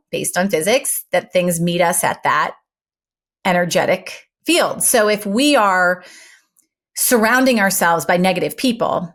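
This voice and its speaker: A middle-aged woman, a former news anchor turned speaking coach, talking in an interview with articulate, emphatic and animated delivery. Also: fairly low pitch. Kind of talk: conversational interview.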